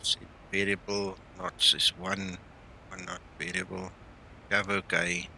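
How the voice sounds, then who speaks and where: A man's voice: low voice, big pitch swings, a little slow, creaky, pushed and bright, slight background noise, rough recording. A man casually chatting on a flight simulator live stream, thinking aloud as he flies and talking with people on the call.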